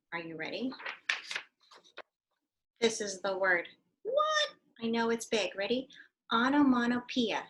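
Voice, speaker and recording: A woman teacher giving a read-aloud lesson to young children, animated and full of questions, sometimes dropping to a whisper. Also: mid-range voice, husky.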